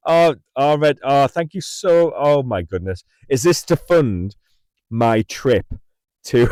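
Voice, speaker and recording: A man's voice: mid-range voice, expressive, slow pace, pauses often, a little mellow, smooth, dry recording. A middle-aged man in a parked car, telling a rambling story on his livestream, laughing and repeating himself often. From England. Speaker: livestream host. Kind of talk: casual storytelling chat. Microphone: mic in the car.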